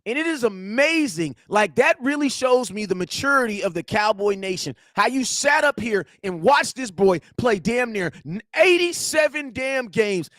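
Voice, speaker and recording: A man hosting a fan reaction stream, ranting in heated, slangy bursts and often shouting. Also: extremely high pitch, no echo, studio quality. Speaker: sports fan show host.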